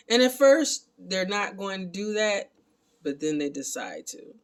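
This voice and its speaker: A man giving a casual, animated recap of a film and talking to his viewers as family. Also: high-pitched, a little slow. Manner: animated, excitable retelling. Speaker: film reviewer.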